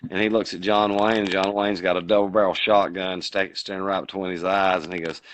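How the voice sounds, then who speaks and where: A man with a Boston accent, co-hosting a podcast, telling movie scenes in a casual, animated way. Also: deep voice, a little fast, few pauses. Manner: animated storyteller acting out quotes. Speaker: podcast co-host. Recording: dull lo-fi sound.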